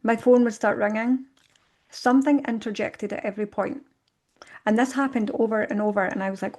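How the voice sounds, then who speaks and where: A woman in conversation, telling her own story reflectively and acting out her past thoughts in lively bursts. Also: fairly high pitch, a little fast. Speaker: podcast guest.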